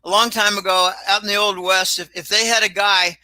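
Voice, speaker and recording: A man's voice: sits high, steady tone, brisk, bright, forceful tone, dry recording, rough recording. An older man chatting casually on a livestream, rambling and repeating words as he tells stories. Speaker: regular guest commentator.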